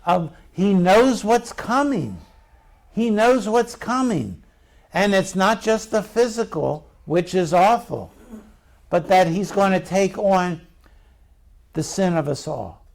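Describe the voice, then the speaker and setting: Middle-aged male pastor, gravelly, higher pitch, chatty sermon delivery. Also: takes it slowly. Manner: conversational preaching with rhetorical questions to the congregation.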